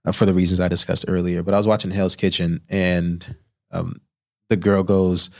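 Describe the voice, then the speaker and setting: Into a studio microphone, a chef being interviewed on a podcast spins animated stories at a moderate pace in a low voice. Whenever he quotes someone, he acts out their voice.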